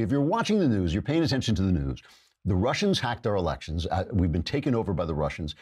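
Sarcastic husky talk host. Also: male voice, low-pitched, fast. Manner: sarcastic, mocking, animated. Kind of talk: political talk show with ad read.

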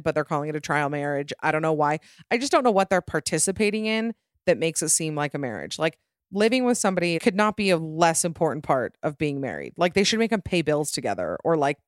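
A woman's voice: low-pitched, no echo, clean studio sound. A woman hosting a show, sarcastically recapping a reality TV series and slipping into mocking impressions of the cast. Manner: sarcastic, lively, mimics people in funny voices. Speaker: host of a reality TV commentary show.

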